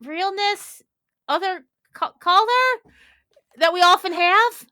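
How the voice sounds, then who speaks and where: A woman's voice: extremely high pitch, fairly even intonation, slow pace, pushed and bright, no room sound, clean studio sound. A woman playing a tabletop game in character as a radio host, frantic, flustered and dramatic.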